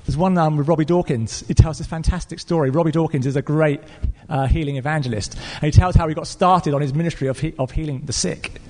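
An Englishman preaching a sermon, telling a story in an earnest, animated way with fillers and restarts. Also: a little high, fast, few pauses. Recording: long reverb of a church hall.

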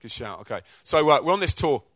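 Lively man, dry sound. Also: fairly high pitch, dry recording. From England. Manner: energetic, chatty storytelling with slang and quick restarts. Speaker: Christian rapper and charity co-director. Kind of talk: informal testimony talk to a church audience.

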